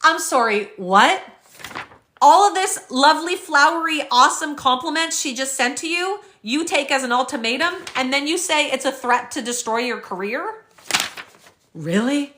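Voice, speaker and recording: A woman's voice: high voice, animated, normal speed, pushed and bright. A woman vlogger reading out legal filings and reacting with indignant, sarcastic commentary. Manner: indignant, fired up, sarcastic asides.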